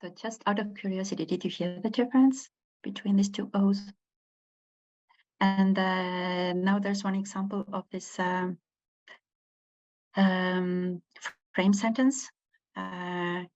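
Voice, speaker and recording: A woman giving a university lecture, hesitant, with many pauses and fillers. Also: mid-range voice, a little mellow. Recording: dull lo-fi recording.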